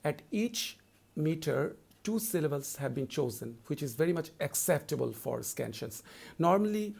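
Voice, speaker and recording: Male lecturer, gravelly tone, patient repetitive teacher delivery. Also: a little high, very animated, a little mellow. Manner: deliberate, repetitive explaining, slows down to read verse lines. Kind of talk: recorded lecture.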